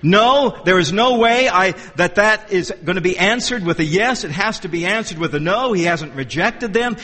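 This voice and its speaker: A man's voice: high voice, sharp tone, big-room sound. A man preaching an expository sermon, emphatic and repetitive, often restarting his sentences mid-thought. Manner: emphatic, repeats phrases for stress. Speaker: pastor.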